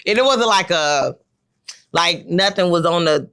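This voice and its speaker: A woman's voice: fairly low pitch, animated, unhurried, fairly bright tone. A woman in her thirties hosting a podcast, telling rambling stories with lots of fillers in casual chat. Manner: rambling, storytelling with many fillers. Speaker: podcast host.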